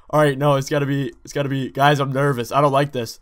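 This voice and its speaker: A man hosting a let's play, talking straight to his viewers in a jumpy, excitable way as he plays. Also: a little high, brisk. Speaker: gaming channel host.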